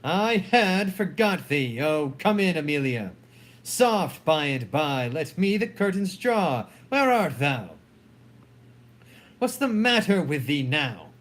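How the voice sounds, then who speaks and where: A man reading the part of a proud, jealous general in a dramatic play reading, delivering the verse solemnly and deliberately. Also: fairly high pitch, sing-song. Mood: distracted. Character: jealous anguished male general, proud and wrathful.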